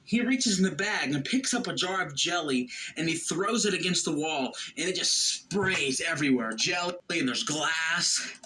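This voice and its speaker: A man casually retelling a family anecdote, lively and anecdotal. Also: fairly high pitch, normal speed, a little hiss or hum, poor audio. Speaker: storyteller. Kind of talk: casual storytelling.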